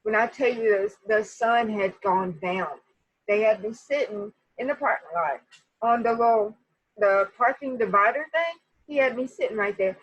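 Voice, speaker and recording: Husky woman telling a story. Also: on the high side, normal speed, no room sound, highs cut off. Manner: animated, talks straight to viewers. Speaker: vlogger telling a personal story. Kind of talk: casual storytelling to viewers.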